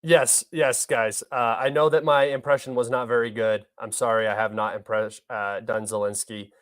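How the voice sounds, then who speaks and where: A man's voice: mid-range voice, level tone, normal speed. A young man hosting a livestream, talking through news articles in an offhand, rambling, opinionated way. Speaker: livestream host. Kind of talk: casual livestream news commentary.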